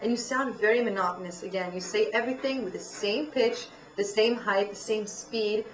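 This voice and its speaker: A woman's voice: mid-range voice, moderate pace, distant mic, a little hiss or hum. Woman coaching speech in an echoey room. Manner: instructive, demonstrates delivery by example. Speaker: presentation coach. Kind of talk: feedback on public speaking.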